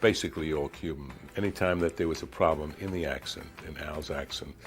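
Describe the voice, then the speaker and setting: Deep-voiced man, interview clip, measured explainer, soft music under. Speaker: film producer in an interview. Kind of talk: archival interview.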